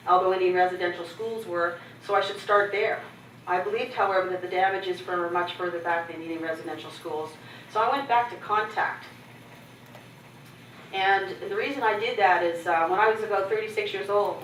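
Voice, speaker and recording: A middle-aged woman with a fairly low voice gives a keynote address, mixing candid personal stories and humor. She is recorded from a distance in an echoey conference hall. Faint noise stays underneath her voice throughout. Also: a bit bright. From Canada. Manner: candid, humorous, acts out others' lines. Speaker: keynote speaker.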